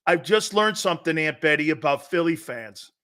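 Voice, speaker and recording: A man hosting a sports talk show, telling stories loudly and laughing often between lines. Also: on the high side, animated, moderate pace, clean tone. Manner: loud, laughing, storytelling.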